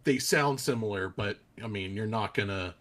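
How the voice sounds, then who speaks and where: Hesitant man, low voice. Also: moderate pace, fairly bright tone. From United States. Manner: hesitant, many ums and restarts. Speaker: podcast host. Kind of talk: casual chat.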